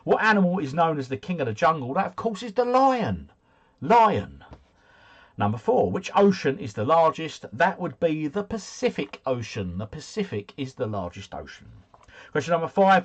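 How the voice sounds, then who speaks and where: Husky, lively man hosting a quiz. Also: fairly high pitch, moderate pace. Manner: chatty, joking asides between questions. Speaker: quiz host. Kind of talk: reading out quiz questions and answers.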